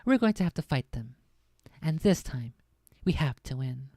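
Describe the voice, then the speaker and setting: A woman reading aloud and voicing a calm, authoritative woman scientist in a measured, commanding way. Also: a bass voice, no echo, studio quality, exaggerated voice. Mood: firm.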